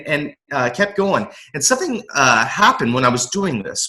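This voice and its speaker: A middle-aged man from the US West Coast, a motivational coach, telling his life story in a casual interview, earnest and animated, often restarting and repeating words. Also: medium pitch. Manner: earnest, animated, acts out his own past thoughts. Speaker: motivational coach, podcast guest.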